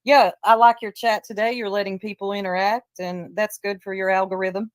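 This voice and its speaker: A woman's voice: mid-range voice, level tone, normal speed. Blunt Southern woman streamer. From Tennessee. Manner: blunt, gossipy, laughs often. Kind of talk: casual livestream commentary.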